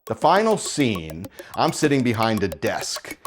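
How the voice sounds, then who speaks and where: A middle-aged American man telling stories in an interview with crisp, rapid-fire articulation. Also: lowish voice, big pitch swings, faint music behind. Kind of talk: animated interview storytelling.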